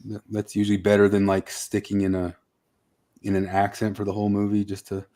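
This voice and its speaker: A man's voice: on the low side, monotone, fairly quick, dark tone. Rambling man in casual podcast chat. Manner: rambling, many fillers and restarts.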